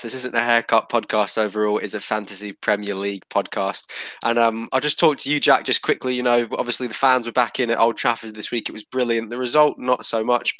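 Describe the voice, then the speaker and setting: A man hosts a casual podcast chat, teasing his mates between fillers. His voice sits low and stays flat in pitch. The sound is dry and close to the mic. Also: dry recording. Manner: relaxed, teasing, chatty with fillers. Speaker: podcast host.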